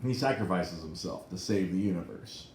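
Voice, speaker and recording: A man co-hosting a podcast in casual chat, excitable and swearing freely, with many restarts. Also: low-pitched, moderate pace, roomy sound, slight background noise. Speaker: podcast co-host. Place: podcast studio.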